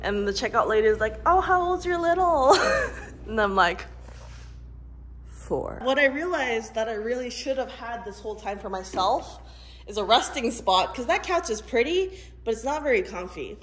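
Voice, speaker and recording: A woman's voice: a little high, animated, moderate pace, a bit bright. Playful giggly young woman vlogger. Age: 20s. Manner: playful, chatty, giggly asides. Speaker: vlogger and illustrator. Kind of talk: casual studio tour vlog. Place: indoor art studio. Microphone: phone camera mic.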